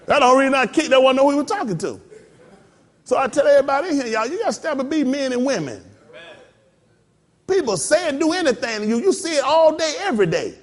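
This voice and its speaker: A very high-voiced pastor talks fast through a lively, folksy sermon, putting on mock voices and laughing with the congregation.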